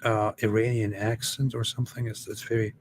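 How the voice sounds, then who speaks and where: A man's voice: on the low side, little pitch movement, brisk, a little hiss or hum. A middle-aged man co-hosting a live stream, chatting casually in an easygoing way, thinking aloud and often repeating himself. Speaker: livestream co-host.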